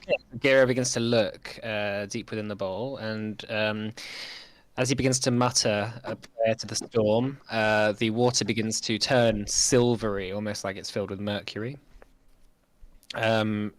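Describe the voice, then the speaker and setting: A man's voice: lowish voice, fairly even intonation, unhurried, no room sound. A man running a tabletop game as game master, narrating hesitantly with many fillers. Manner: hesitant, many ums and likes.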